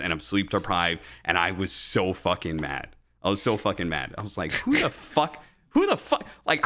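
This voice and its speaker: A man co-hosting a casual podcast, telling a long, profane story about his casting days and growing heated as he talks. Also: low-pitched. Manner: profane, animated storytelling, rising when angry. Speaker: podcast co-host and esports caster.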